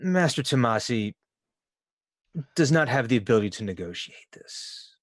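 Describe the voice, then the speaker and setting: A man's voice: medium pitch, lively intonation, moderate pace, dry recording, studio quality, close to an everyday voice. A man doing a dismissive haughty lord.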